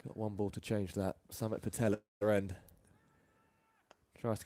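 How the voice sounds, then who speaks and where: A man from England doing live ball-by-ball cricket commentary, chatty and quick to laugh between deliveries. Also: lowish voice, flat delivery, dark tone, dry recording, studio quality.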